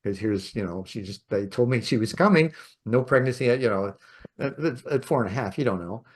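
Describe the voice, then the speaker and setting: A man hosting a podcast, telling a personal story in a rambling, reflective way with soft laughs. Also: mid-range voice, expressive, brisk. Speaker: podcast host. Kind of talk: reflective storytelling in casual conversation.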